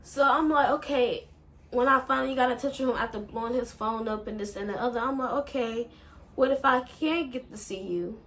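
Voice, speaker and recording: A woman's voice: on the high side, fairly quick, fairly bright tone. A woman vlogger, telling a breakup story in a rambling, emotional way and swearing a lot. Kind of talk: casual storytime.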